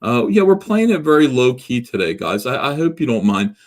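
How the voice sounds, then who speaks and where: A man's voice: mid-range voice, big pitch swings, normal speed. Rambling self-mocking man hosting a livestream. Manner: rambling, self-mocking, full of filler words and restarts. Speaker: livestream host. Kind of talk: casual livestream chat, reading viewer comments.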